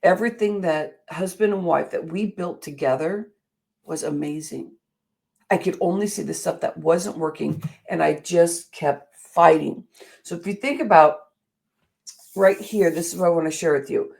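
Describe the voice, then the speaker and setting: Woman, middle-aged, motivational talk host, earnest storytelling, gravelly voice. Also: fairly low pitch, moderate pace, a little mellow. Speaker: show host.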